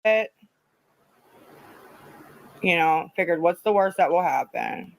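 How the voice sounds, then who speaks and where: A woman's voice: lowish voice, lively intonation, normal speed, creaky, dry recording, poor audio. A woman chatting casually on a livestream, rambling, repeating herself and swearing freely. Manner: rambling, profane, repetitive.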